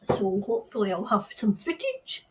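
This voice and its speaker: A woman's voice: medium pitch, huge pitch swings, normal speed, darkish tone, a little hiss or hum. A woman with a Scottish accent hosting a casual livestream, reading viewer comments aloud and greeting people by name. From Scotland. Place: New Zealand.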